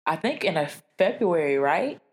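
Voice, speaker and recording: A young woman co-host with a lively, swooping voice that rises and falls all the time. She jokes, curses freely and laughs a lot. Her talk stays loose and casual. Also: sits low, moderate pace. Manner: animated, joking, profane, laughs a lot. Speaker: podcast co-host. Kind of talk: casual chat.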